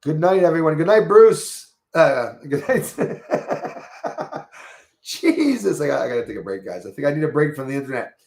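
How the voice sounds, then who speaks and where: A man's voice: a little high, lively intonation, normal speed, creaky, long pauses, a little mellow, reverberant. A man with a Quebec accent hosts a casual livestream, rambling and greeting viewers by name as he reads their comments. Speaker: livestream host.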